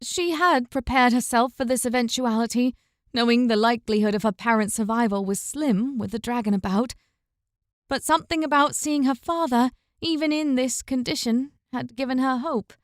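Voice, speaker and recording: A woman narrating a fantasy audiobook in a measured, even storytelling manner. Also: fairly high pitch, no room sound. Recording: dry, close recording.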